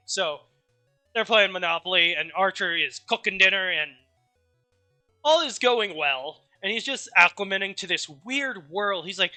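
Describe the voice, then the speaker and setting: A man streamer casually recapping a story, rambling and animated, with offhand swearing. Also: sits high, unhurried, no echo, faint music behind.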